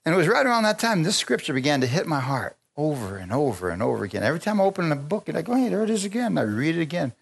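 A man preaching a sermon, telling stories with lively energy, stopping often to restart phrases and calling for amens. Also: a little high, very fast, gravelly, few pauses, slightly rough. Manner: animated storytelling with frequent restarts and calls for amen.

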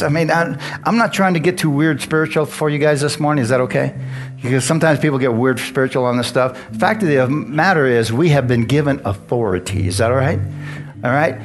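Male pastor, middle pitch, chatty preaching with questions to the congregation, guitar playing under him. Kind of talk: sermon. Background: guitar music.

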